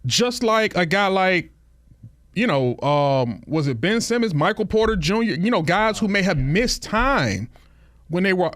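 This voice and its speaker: A man's voice: high-pitched, a bit bright, dry recording, clean studio sound. A man talking basketball in casual podcast chat, often repeating words as he gets a thought going. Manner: halting, repeats words when starting a thought. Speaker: podcast co-host.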